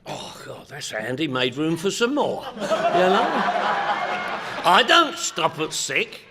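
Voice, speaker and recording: A middle-aged man with a London accent, telling comic stories to a crowd in a loud, joking, punchy way with bursts of shouting. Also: fairly high pitch, huge pitch swings, takes it slowly, heavy background noise. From England. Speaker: recovery meeting speaker. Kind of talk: comic storytelling talk to a crowd.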